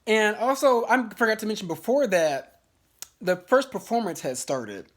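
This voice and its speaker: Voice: medium pitch, moderate pace. A vlogger giving a casual, profane, gossipy TV episode review, full of fillers and restarts. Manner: chatty, blunt, profane, gossipy; fillers and restarts, lively swings in loudness.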